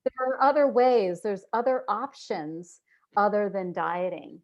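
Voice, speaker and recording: A woman guest in a casual interview, earnest and reflective, who acts out inner voices with sudden jumps in pitch. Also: expressive, a little slow, lo-fi sound, noisy background.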